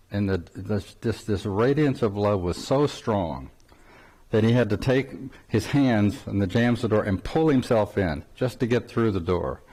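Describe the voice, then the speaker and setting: A man's voice: on the low side, warm tone. An older man giving an informal spiritual talk, telling a story with frequent chuckles and rambling restarts. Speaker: spiritual teacher.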